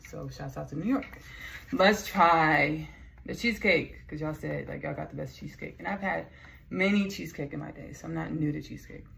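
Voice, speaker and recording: Chatty Texan woman with gravelly fry. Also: low voice, a bit bright. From Texas. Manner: rambling, chatty, playful asides. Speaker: vlogger. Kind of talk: casual vlog chat.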